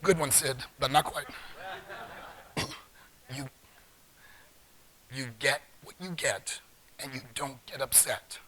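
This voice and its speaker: A man's voice: medium pitch, slow, pauses often, sharp tone, a little hiss or hum. A middle-aged man giving a live talk in a large conference hall, joking playfully with the audience. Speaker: conference speaker.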